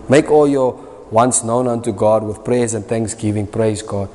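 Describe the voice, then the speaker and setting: A man's voice: medium pitch, expressive, a little fast. A man with a South African accent preaching a sermon emphatically, dropping into Afrikaans phrases. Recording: reverberant hall.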